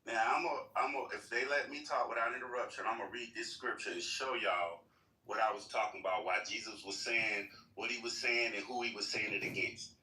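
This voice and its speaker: A man's voice: on the low side, steady tone, brisk, sharp tone. A man reading scripture aloud and commenting on it with folksy fervor. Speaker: speaker in an online voice room. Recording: echoey, distant, faint hiss.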